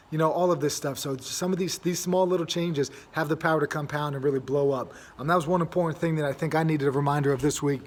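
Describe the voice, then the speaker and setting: Chatty young man, slightly high voice. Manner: rambling, many fillers and restarts. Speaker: host. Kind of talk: casual monologue.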